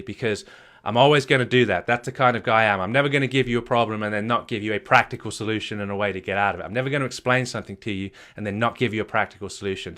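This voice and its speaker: A man's voice: fairly low pitch, sharp tone. A man giving a motivational talk as a marriage coach, emphatic and repetitive, firing questions at the listener.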